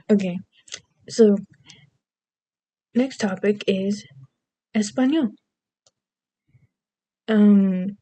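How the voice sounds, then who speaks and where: A woman's voice: mid-range voice, dark tone, dry recording. A young adult woman vlogging in rambling, goofy casual chat, self-deprecating and meandering between topics.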